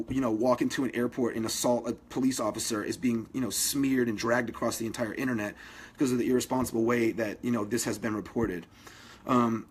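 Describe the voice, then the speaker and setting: A man's voice: mid-range voice, slightly rough. A man hosting a live video, making an impassioned, urgent appeal to his viewers, with many fillers and restarts. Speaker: activist livestream host.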